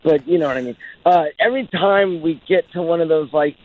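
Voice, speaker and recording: A man's voice: fairly high pitch, a little fast. A man casually reflecting in an interview, rambling, searching for words and swearing a lot. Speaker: interviewed musician. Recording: tinny phone-like clip.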